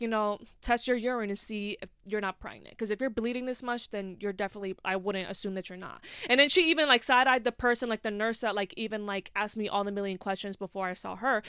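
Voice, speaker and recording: A woman's voice: medium pitch, a bit bright, clean tone, dry recording, clean studio sound. A young woman hosting a podcast, telling a personal story in casual chat, full of "like" fillers and swearing. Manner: chatty, heavy on "like", swears freely. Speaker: podcast host.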